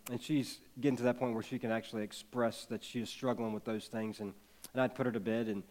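A man's voice: medium pitch, a little mellow. A man in his thirties preaching a sermon, telling a personal story in an earnest way and building to emphatic peaks. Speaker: pastor.

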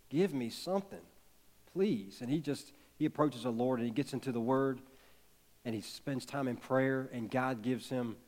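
A man's voice: medium pitch, darkish tone. A man in his thirties preaching a sermon, telling a personal story in an earnest way and building to emphatic peaks. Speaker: pastor.

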